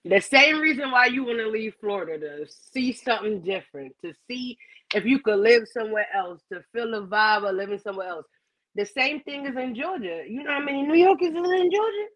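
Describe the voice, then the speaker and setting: A man's voice: extremely high pitch, lively intonation, a little fast, fairly bright tone, dull audio. A man from New York guesting on a podcast, talking in a laid-back, profane, casual way and laughing often.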